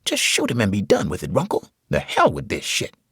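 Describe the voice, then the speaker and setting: A man's voice: lowish voice, wildly swooping pitch, brisk, fairly bright tone, breathy edge, no echo, studio quality, full character voice. A man voicing a crude, hotheaded man who mutters profanities. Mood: hostile.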